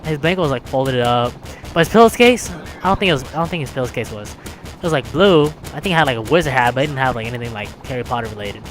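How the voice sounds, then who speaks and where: A man's voice: medium pitch, animated, quick pace. Young male storyteller, rambling and filler-heavy, with music playing behind him. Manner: rambling, full of "like" and "right?". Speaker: vlogger. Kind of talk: casual storytelling.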